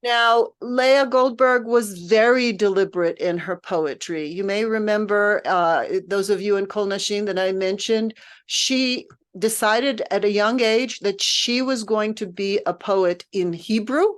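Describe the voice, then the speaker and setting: A woman's voice: medium pitch, a little slow. A woman music director leading a text study, lecturing informally in a thoughtful, patient way while she searches for her words.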